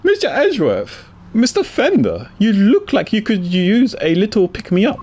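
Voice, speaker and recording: A man putting on a dainty young woman with a sweet, polite way of speaking and a high, soft falsetto. her voice swings up and down with lively, playful pitch. faint game music hums underneath. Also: moderate pace, breathy edge, exaggerated voice. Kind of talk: reading game dialogue aloud.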